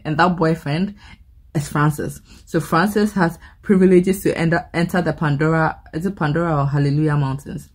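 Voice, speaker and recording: Casual woman vlogger, low husky voice, rambling and playful, restarts often. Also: a little mellow. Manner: chatty, rambling with playful movie comparisons; frequent word repeats and restarts. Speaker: perfume reviewer. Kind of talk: casual review vlog.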